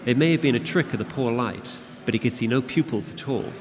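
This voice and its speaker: A man reading his fantasy novel aloud to an audience at a convention, in a steady, measured narration. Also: mid-range voice, a crowd in the background. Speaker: author reading his book. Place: convention event room. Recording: long hall reverb with audience.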